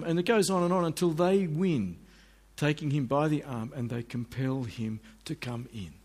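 A man's voice: medium pitch, normal speed, slightly rough. A middle-aged man, preaching a sermon and acting out the people in his stories. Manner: animated, acts out voices of people in the stories.

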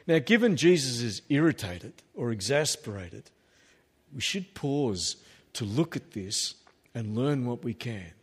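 A man's voice: mid-range voice, sing-song, unhurried, breathy edge. A man preaching a sermon as pastor, emphatic and peppered with humorous asides. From Australia. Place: church hall. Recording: reverberant church hall.

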